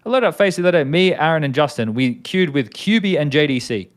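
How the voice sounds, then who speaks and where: A man's voice: on the high side, animated, fast, few pauses. An Australian man in his thirties, chatting casually as an interview guest, rambling with many restarts.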